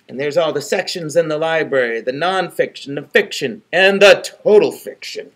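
A man, a library storyteller, reading a picture book aloud and chatting to children in a gentle, expressive way. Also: fairly high pitch, moderate pace, hardly any pauses.

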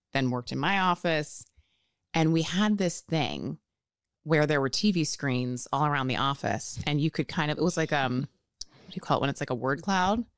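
Brief: woman, 30s, podcast co-host, low voice, chatty storyteller, dry close mic. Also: clean tone, dry recording. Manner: chatty storyteller, many "like"s, acts out quotes. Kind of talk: casual chat.

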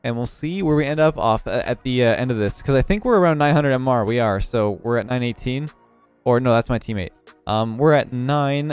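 Young man, game commentary, just woke up and yawning, relaxed play-by-play analysis, mid-pitched. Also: smooth. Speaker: gaming YouTuber commentating his own match. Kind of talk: casual gameplay commentary.

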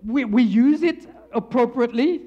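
A man's voice: very high-pitched, normal speed, highs cut off. A male preacher telling stories in a sermon, playful and teasing the congregation. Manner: animated, playful, teases the congregation. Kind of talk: storytelling sermon. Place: church.

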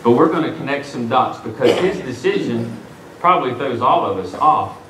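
A male pastor preaching a sermon, telling the story with lively, joking character voices. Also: medium pitch, moderate pace, a little hiss or hum. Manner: animated storytelling, acting out the characters with jokes. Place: church sanctuary. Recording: echoey hall, mic from a distance.

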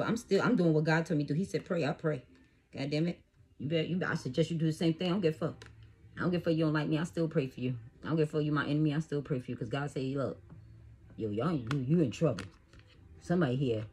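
Husky, profane woman reading tarot. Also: low-pitched, a little fast. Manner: profane, animated, laughs a lot. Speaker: tarot reader. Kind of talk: casual tarot reading monologue.

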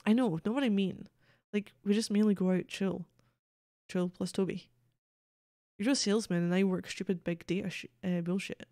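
A woman's voice: medium pitch, steady tone, moderate pace, mellow, no echo, studio quality. A woman streaming a game, reading its texts aloud and cracking sardonic, profane jokes in casual commentary.

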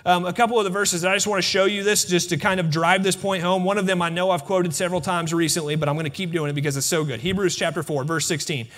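A man's voice: sits high, quick pace, hardly any pauses. A male pastor preaching a sermon, talking straight to his congregation and repeating key phrases for emphasis. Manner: animated, talks to the congregation directly with repeated phrases. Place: church sanctuary.

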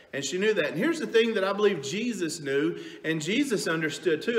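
A man's voice: on the high side, fairly bright tone, echoey room. A middle-aged man giving a casual, rambling youth sermon, telling stories with lots of fillers. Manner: rambling, folksy storytelling with many fillers. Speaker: youth pastor. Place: church sanctuary.

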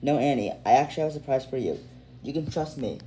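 A man's voice: medium pitch, lively intonation, fast, dark tone, reverberant, a little hiss or hum, lightly acted, poor audio. A man voicing a mischievous, scheming princess with a magic wand in a homemade fan story, talking her plans through aloud. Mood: sly. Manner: gleeful, plotting aloud.

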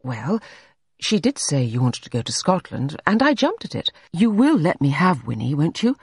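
A narrator voicing a gentle, honest young woman who speaks earnestly and eagerly. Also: low voice, big pitch swings, normal speed, slightly rough, no room sound, studio quality, full character voice. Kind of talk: audiobook character reading.

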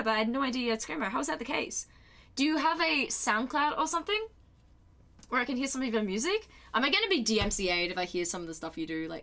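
A woman streaming live, chatting casually with her viewers, excitable and quick to swear, with a desk mic. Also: on the high side. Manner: chatty and excitable, swears freely, shrieks when surprised.

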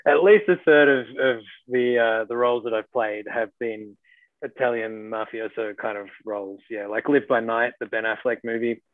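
A man's voice: mid-range voice, normal speed, no room sound. A chatty Australian actor talks through a thin, phone-like call line. The sound is dry and close, and his speech wanders with fillers and restarts. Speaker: actor guest. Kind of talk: casual video-call interview.

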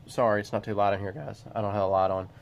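A man's voice: lowish voice, fast, vocal fry, slight background noise. A man, chatting and joking casually on his vlog. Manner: animated, joking, drawling. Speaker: vlogger.

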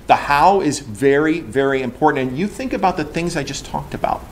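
A man in charge of a large engineering team gives an animated, joking conference talk in a ranting manner. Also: on the high side, brisk, a little hiss or hum. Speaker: engineering leader. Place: conference room.

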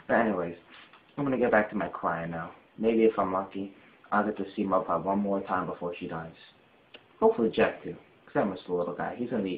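A man's voice: sits low, a little hiss or hum. A man hosting a homemade comedy skit, bossy and self-pitying, talking in blustering bursts. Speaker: comedy show host playing the boss. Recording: dull tinny phone-like audio in an echoey room.

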